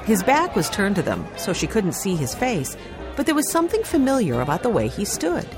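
A woman reading a children's mystery aloud as an audiobook narrator, in a calm, even storytelling manner. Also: medium pitch, fairly quick. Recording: background music under narration.

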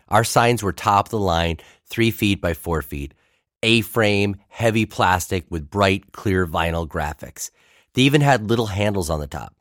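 A man's voice: low voice, no room sound. Dry-voiced male pastor telling a story. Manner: wry, storytelling delivery. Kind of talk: narrated personal story, read aloud.

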